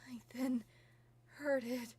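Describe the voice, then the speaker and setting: A woman voicing a tough tomboy filly who recounts a scary night in a hushed, tense voice. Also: high voice, steady tone, slow pace, breathy edge, no echo, exaggerated voice. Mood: hushed dread.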